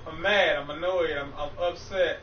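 High-voiced man, profane game-stream rant, distant echoey muffled audio. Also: steady tone, moderate pace, slight background noise. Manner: profane, frustrated ranting. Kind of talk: ranting gameplay stream chat.

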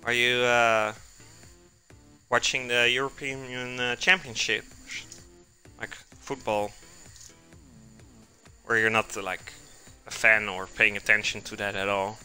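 A man's voice: lowish voice, level tone, takes it slowly, long pauses, bright, forceful tone, soft background music. A man hosting a live cooking stream, chatting casually with viewers and answering chat while he cooks in a home kitchen.

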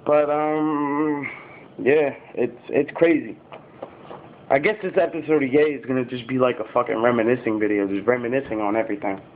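A man's voice: medium pitch, steady tone, normal speed, a little hiss or hum. A fifteen-year-old boy chatting casually to camera, rambling with lots of fillers and swearing. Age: teenager, fifteen. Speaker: YouTuber. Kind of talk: casual vlog talk to camera. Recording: tinny phone-like sound.

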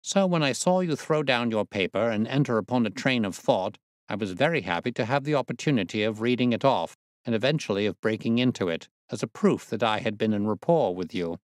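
A clever, wry detective speaks with precise, patient explanation, his pitch moving in a lively way, as a man reading aloud puts him on. The recording is dry and close, like a quiet storybook reading. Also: fairly quick, hardly any pauses, dry recording, natural voice. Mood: amused, explaining. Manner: precise, explanatory, lightly teasing. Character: sharp, amused male detective, middle-aged. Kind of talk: audiobook reading.

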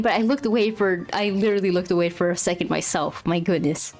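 A woman's voice: mid-range voice, fairly quick, few pauses, darkish tone, faint music behind. A young woman streaming live while drawing, flustered and apologetic, often laughing and exclaiming as she talks to her chat.

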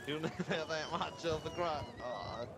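A man's voice: a little high, normal speed, very noisy. A man playing as a crewmate in an online game, joking and cursing in playful pirate talk. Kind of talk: casual gaming chat. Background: loud game music.

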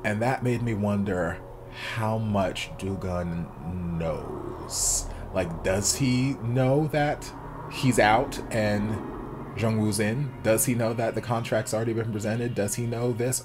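A man's voice: on the low side, unhurried, music in the background. A man hosting a drama reaction channel, chatting casually and gushing through an episode recap while acting out the characters' lines.

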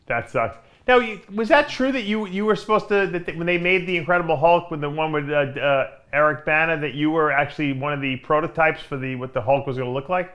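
A man co-hosting a casual chat, chuckling, agreeing quickly and asking follow-up questions. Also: fairly high pitch, a bit bright. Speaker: co-host.

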